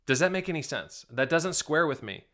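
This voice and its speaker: A man's voice: a little high, animated, normal speed, pushed and bright. A male pastor giving video reaction commentary, emphatic and indignant, firing rhetorical questions at his viewers. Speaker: Southern Baptist pastor.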